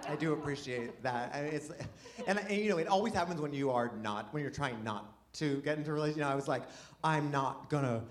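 A man's voice: a little high, quick pace, hardly any pauses, slight background noise. A man doing a rambling, self-deprecating stand-up set, chatting with the crowd. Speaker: stand-up comedian. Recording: live venue with audience laughter.

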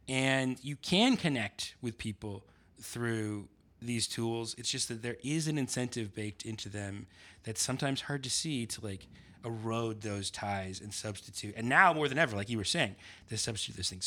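A man talking casually in a conversation, pausing often with fillers and restarts. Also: medium pitch, lively intonation, pushed and bright. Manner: halting, many fillers and restarts. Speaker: writer and podcast guest.

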